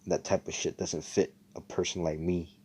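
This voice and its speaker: A man's voice: low voice, flat delivery, normal speed, darkish tone, slightly rough. A man voicing a cocky young hero. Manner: cocky, swearing, mocking. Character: brash young male hero, cocky and blunt.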